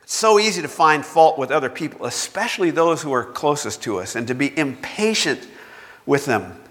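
A man's voice: on the high side, animated, moderate pace, fairly bright tone. A man preaching a sermon, telling stories with self-mocking humor. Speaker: pastor. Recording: long reverb of a large hall.

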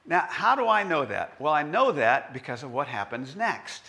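Bright-voiced animated male preacher. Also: on the high side, normal speed, creaky. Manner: animated, conversational, puts on voices. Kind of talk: sermon with scripture reading.

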